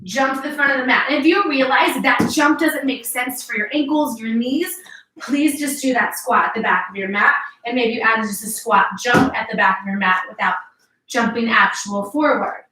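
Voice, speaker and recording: This fitness instructor has a fairly high, bright, forceful voice and keeps a moderate pace. Cueing moves for her class, she sounds upbeat and encouraging, occasionally breathless. The indoor home workout space gives a roomy echo, and the mic sits at a distance.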